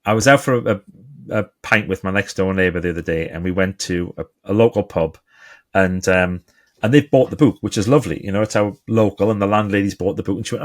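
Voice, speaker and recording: A man with a Geordie accent speaks in a lowish voice. He is a guest author in a conversational interview, telling stories with energy and playing the people in them. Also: quick pace. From England. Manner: animated storyteller, acts out quoted voices.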